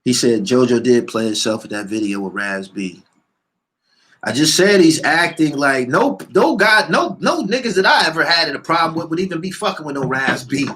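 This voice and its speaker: A man ranting loudly and profanely, reading out comments and answering them heatedly, repeating his lines for emphasis. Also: fairly high pitch, animated, normal speed. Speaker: show host.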